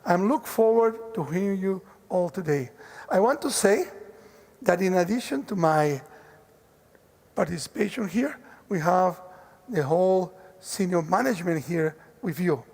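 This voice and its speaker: High, gravelly man speaking in a hall. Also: expressive, a little mellow. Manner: measured, with restarts while listing colleagues. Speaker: bank president giving a speech. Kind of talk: formal forum speech. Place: large conference hall. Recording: reverberant conference hall.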